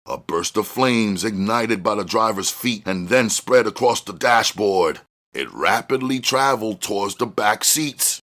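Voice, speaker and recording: A man reading a novel aloud as narrator in a steady, measured way. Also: medium pitch, gravelly. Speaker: audiobook reader. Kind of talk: storybook reading.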